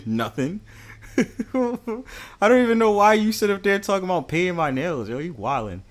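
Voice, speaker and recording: A man's voice: high voice, big pitch swings, a little slow. A man with a New York accent hosting a casual livestream, talking streetwise slang in an insistent, repetitive way. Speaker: livestream host.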